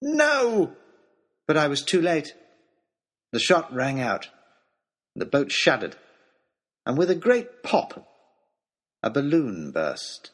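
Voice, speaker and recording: Expressive male storybook narrator. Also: medium pitch, slow, long pauses. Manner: expressive, dramatic. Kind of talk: scripted first-person narration.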